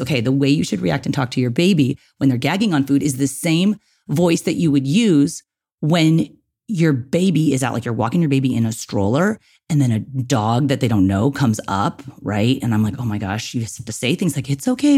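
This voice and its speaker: Husky man coaching parents on a podcast. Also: medium pitch, moderate pace, a little mellow. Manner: direct, coaching, checks in with listeners. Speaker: podcast host. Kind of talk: instructional podcast talk.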